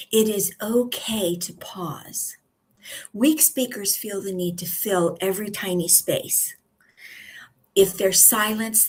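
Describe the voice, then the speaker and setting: A husky-voiced woman teaches public speaking in a live video session. She talks slowly and calmly, leaving deliberate pauses between her points. Her tone is steady and instructive, like a coach walking a class through each tip. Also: medium pitch. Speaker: communication coach. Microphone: live video stream.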